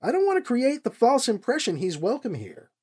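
A woman's voice: fairly high pitch, wildly swooping pitch, a little fast, darkish tone, slightly rough, pitched above the performer's own voice, heavily acted. A woman voicing a stern, commanding woman boss who speaks curtly and coldly. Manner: curt, cold.

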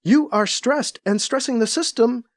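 A man's voice: very high-pitched, a little slow, no room sound, clean studio sound, voice pushed up. Man voicing a clipped spacesuit computer. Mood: clinical. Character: spacesuit computer, male, flat and mechanical.

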